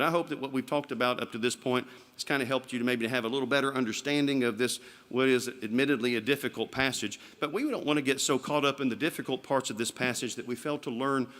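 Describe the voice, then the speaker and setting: A man delivers an evening sermon in a church, with a voice of ordinary pitch. He talks in a relaxed, conversational way and turns to the congregation with rhetorical questions as he explains the passage. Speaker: preacher. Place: church sanctuary.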